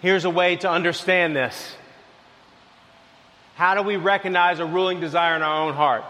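A man preaching a sermon, telling a lively everyday story, then dropping to soft, low lines. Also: normal speed, in a large hall. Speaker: pastor.

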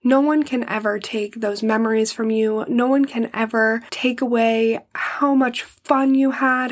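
A young woman hosting a personal podcast, speaking emotionally and pausing often to hold back tears, sometimes dropping to a soft whisper. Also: a little high. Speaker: podcast host.

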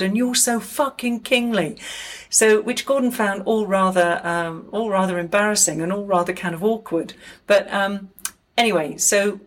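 A woman telling a personal story in a casual, chatty way, with fillers and asides. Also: on the low side.

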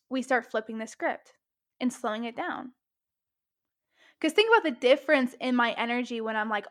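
Woman host, high voice, casual and profane, acts out thoughts mid-talk. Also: normal speed. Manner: swearing, animated, acts out inner voices. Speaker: podcast host. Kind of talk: casual self-help monologue.

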